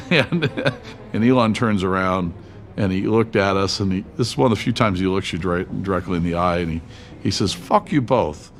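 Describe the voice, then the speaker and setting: A man's voice: low-pitched, moderate pace, faint music behind. A man in an interview clip telling an anecdote, laughing now and then as he recounts it. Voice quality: gravelly, laughs between phrases.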